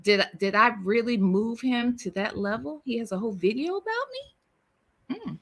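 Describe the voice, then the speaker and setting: Sassy, animated woman livestream host. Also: fairly high pitch, normal speed. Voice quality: sassy, candid, drawling banter. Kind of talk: casual chat reading viewer comments.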